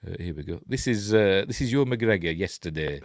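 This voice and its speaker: A man's voice: low-pitched, expressive, fairly quick, noisy background. A man with a Yorkshire accent hosting a live-stream news show, reading stories aloud and adding chatty, sarcastic asides. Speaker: host.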